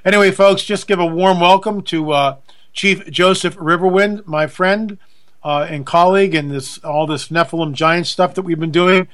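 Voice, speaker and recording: A man's voice: high-pitched, moderate pace, a bit bright. A middle-aged man hosting a radio talk show, chatty and self-deprecating, in a folksy manner. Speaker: radio host.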